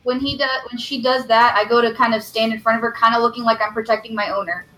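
Bright-voiced woman player. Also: a little high, steady tone, quick pace, slight background noise, low-quality recording. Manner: playful, declaring actions. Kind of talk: tabletop role-play, playing a dog.

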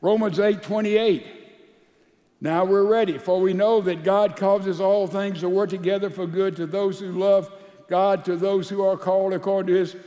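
A male pastor with a high voice who preaches slowly and deliberately. He swings between loud emphatic lines and soft, low asides. His sermon rings with the long reverb of a large church hall.

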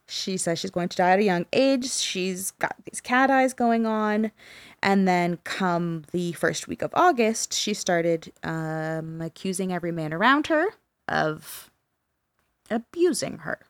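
Podcast co-host, woman, lowish voice, casual storyteller, dry close sound. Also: lively intonation, measured pace, smooth, dry recording. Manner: casual, swears, many fillers like "like" and "um".

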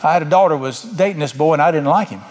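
A man's voice: on the high side, fast, a little mellow. Folksy preacher man, echoing hall. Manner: folksy, preaching with rising emphatic bursts. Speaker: pastor. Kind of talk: sermon. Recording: long hall reverb.

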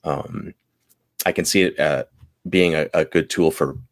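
An American man, a guest game designer, chatting casually in an interview with a thoughtful, halting manner and many fillers. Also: rumbling low, fairly even intonation, dry recording, studio quality.

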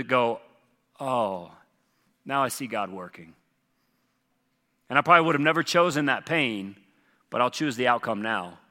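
A man pastor speaks earnestly, repeating key phrases to drive them home. His voice is bright and forceful. It rings with a long reverb from a large church auditorium. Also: medium pitch. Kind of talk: church Q&A teaching.

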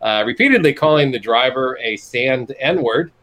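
A man's voice: mid-range voice, expressive, moderate pace, a bit bright. Wry man reading news with jokes. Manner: wry, reads news items with jokey asides. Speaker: podcast co-host. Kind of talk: casual news-commentary chat.

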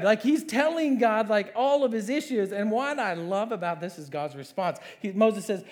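A man preaching a sermon as pastor, conversational and animated, asking the congregation questions and acting out biblical characters. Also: high-pitched, normal speed, few pauses. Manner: animated, acts out voices of Moses and God.

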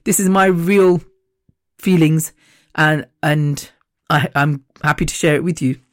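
Blunt podcast host in their 50s, frank and profane, mid-pitched, dry close recording. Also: fairly even intonation, measured pace, dry recording. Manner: blunt and profane, gropes for words. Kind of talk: personal podcast monologue.

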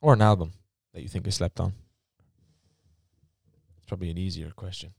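A young Dublin man telling a rambling story in casual chat, swearing a lot and shouting out quotes now and then. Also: deep voice, fairly even intonation, a little fast, gravelly, husky, no room sound, studio quality. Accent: Dublin Irish.

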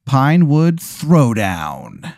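A man spinning an improvised comic scenario in second person, rambling with many fillers in a deadpan way. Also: medium pitch, extremely slow, creaky, no echo, studio quality. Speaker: host running an improvised scenario. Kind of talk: casual comedic storytelling.

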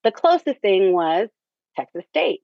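A woman's voice: mid-range voice, sing-song, unhurried, vocal fry, dry recording. A woman telling her story in a chatty, conversational way, often leaning on "you know" and "um". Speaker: theater director, interview guest. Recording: dull lo-fi, dry.

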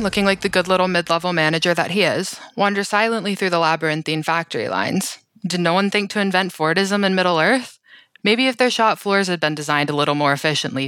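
A woman's voice: lowish voice, fairly bright tone, no room sound. A woman reading a sarcastic, theatrical recap with a wry comic edge. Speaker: podcast co-host. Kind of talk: comedic scripted recap narration.

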